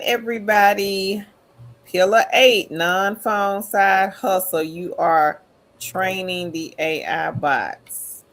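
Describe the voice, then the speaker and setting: A woman hosting a livestream, reading viewers' chat comments aloud in an upbeat, friendly way. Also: mid-range voice. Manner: upbeat, calls viewers queen. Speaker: livestream host.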